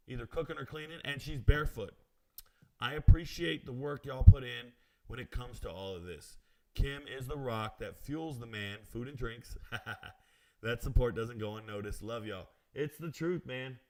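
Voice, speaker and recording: A man with a gravelly, mid-range voice hosts a sports betting live stream. He reads viewer comments aloud and answers them in a brash, self-assured way, tossing in casual slang and chatty asides.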